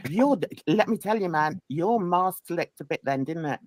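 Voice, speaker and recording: A woman's voice: on the low side, expressive, moderate pace, a little mellow, no echo. A woman hosting a casual chat, mocking and laughing as she reacts to clips. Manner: mocking, laughing, sarcastic asides. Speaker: host.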